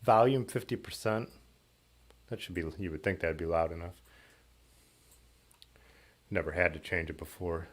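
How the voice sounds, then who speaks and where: A man's voice: low-pitched, moderate pace, pauses often. A man hosting a casual livestream from his workshop, rambling loosely with lots of fillers and trailing thoughts. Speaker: livestream host. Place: basement workshop. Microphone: laptop setup.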